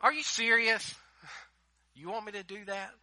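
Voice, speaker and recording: Doubting, anxious man begging off a calling, acted by a preacher; voice pitched up, bright and edgy. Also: moderate pace. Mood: incredulous. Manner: pleading, incredulous.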